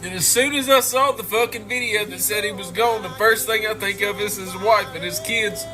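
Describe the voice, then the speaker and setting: A man ranting with raw anger, swearing heavily and pressing every point. His voice sits high, with faint music behind him. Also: moderate pace, sharp tone. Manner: angry, profane, emphatic. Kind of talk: emotional video rant.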